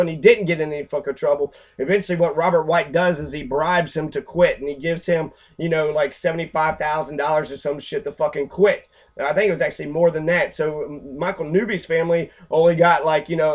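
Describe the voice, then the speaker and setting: A man talking in an angry, profane, rambling way, full of fillers and restarts, while pointing out pictures. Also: a little high. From Louisville, Kentucky. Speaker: activist lecturer.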